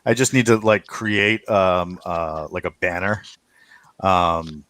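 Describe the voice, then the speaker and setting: A man hosting a podcast in casual group chat, laughing often and filling pauses with many "uh"s and restarts. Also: sits low, steady tone, a bit bright, no echo. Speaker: podcast host.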